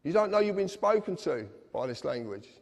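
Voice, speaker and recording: A man's voice: high-pitched, big pitch swings, a little fast, gravelly. A man giving an earnest, insistent lecture to a live audience, speaking directly to his listeners. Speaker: public speaker. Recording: long reverb of a hall.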